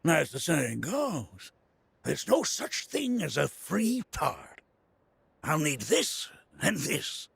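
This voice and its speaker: A gravelly, husky old motorbike mechanic, who swings from low mutters to shouted glee in a wide, restless melody. He talks at an unhurried, drawn-out pace. The game voice sits dry and close. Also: no echo, full character voice. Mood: proud. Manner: bursts into shouting excitement and laughter. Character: excitable older male mechanic, ex-racer. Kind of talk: video game dialogue.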